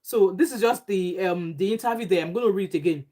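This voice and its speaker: A woman's voice: mid-range voice, fast, mellow. A Nigerian woman vlogger giving emphatic, indignant casual commentary with pidgin phrases. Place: home abroad.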